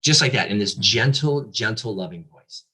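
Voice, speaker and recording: A man with a low, slightly husky voice speaks as a guest pastor, telling his own hard story. His delivery is earnest and confessional, pressing forward with a forceful, bright edge while he stumbles over fillers and restarts. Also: expressive, moderate pace. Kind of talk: candid personal testimony.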